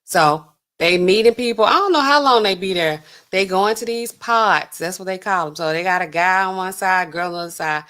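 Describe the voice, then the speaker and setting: Animated woman telling a story casually. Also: fairly low pitch, fairly quick. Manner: animated, acts out dialogue with voices. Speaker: livestream host.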